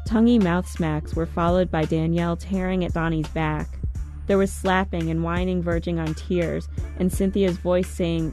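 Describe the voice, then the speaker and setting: A woman narrating a first-person story in a measured, reflective manner. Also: on the low side, steady tone, mellow, faint music behind. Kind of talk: audiobook narration.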